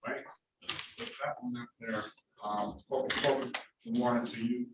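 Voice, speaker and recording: Halting judge in a roomy, distant room. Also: male voice, medium pitch, fairly even intonation. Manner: procedural, halting with fillers. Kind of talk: courtroom proceedings. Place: courtroom. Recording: distant, roomy, dull audio with loud noise.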